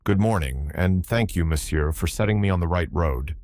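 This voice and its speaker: A man's voice: low voice, normal speed, darkish tone, dry recording, close to an everyday voice. A male narrator voicing a foppish foreign man in his thirties, speaking with a marked foreign accent and over-polite, evasive manners. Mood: politely evasive. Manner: overly polite, feigning confusion.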